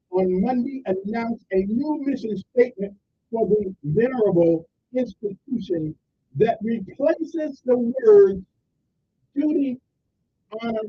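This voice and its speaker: A man's voice: very high voice, dull audio, a little hiss or hum. A male talk radio host giving indignant, emphatic opinion commentary on his call-in show.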